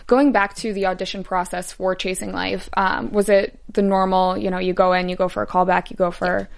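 A woman interviewer with an average-pitched voice. She asks relaxed questions and keeps the chat going with short, encouraging replies. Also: fairly quick, vocal fry. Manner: supportive, brief backchannels.

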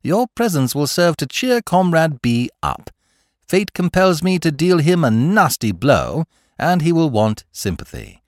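A man reading the part of a suave, airy young gentleman who talks in elaborate, formal phrases. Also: fairly high pitch, sing-song, a little slow, no room sound, clean studio sound, pitched above the performer's own voice.

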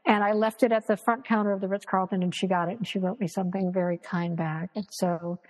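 A woman guest on a video call speaks quickly in a mid-range voice, animatedly telling stories, acting out what people said and swearing freely during a casual interview. The recording is low-quality and sounds like a large hall.

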